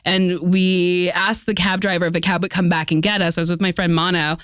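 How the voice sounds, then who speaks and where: A woman guest on a chat podcast, telling stories in an animated, bawdy way. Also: fairly low pitch, fairly quick, clear, resonant tone, no room sound, clean studio sound. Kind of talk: casual chat.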